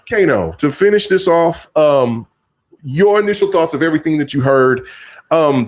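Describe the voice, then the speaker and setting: A man hosting a casual gaming podcast, talking in long rambling stretches full of restarts and fillers. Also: fairly high pitch. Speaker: podcast host.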